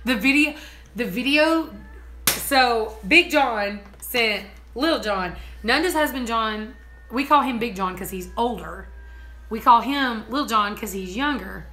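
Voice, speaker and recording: An excitable woman chats casually on her vlog, giggling as she tells stories. Her voice sits a little high and rings bright and forceful. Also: takes it slowly, a little hiss or hum. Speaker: homesteading vlogger. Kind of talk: casual chat.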